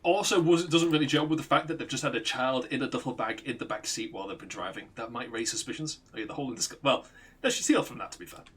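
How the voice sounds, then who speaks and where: A man's voice: medium pitch, fast, fairly bright tone, slightly rough. A man streaming a game, rambling through a retold story, swearing and laughing often. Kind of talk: casual chat while gaming.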